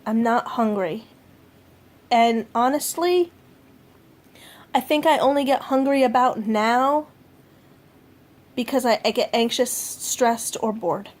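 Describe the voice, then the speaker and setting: Chatty woman with a fairly high voice. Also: slow, long pauses, darkish tone. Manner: chatty and rambling, with fillers and self-corrections. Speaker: vlogger. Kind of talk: casual food diary vlog. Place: at home.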